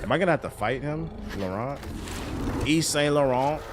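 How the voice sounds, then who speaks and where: A man streaming a game while telling a story casually, animated, swearing and laughing a lot. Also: mid-range voice, moderate pace, loud music behind the voice. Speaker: gaming streamer.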